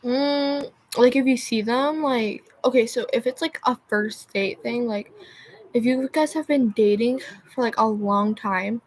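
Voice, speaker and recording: A woman's voice: on the high side, measured pace, a little hiss or hum. A young woman chatting on a livestream, rambling and losing her train of thought with constant filler words. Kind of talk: rambling live-stream chat.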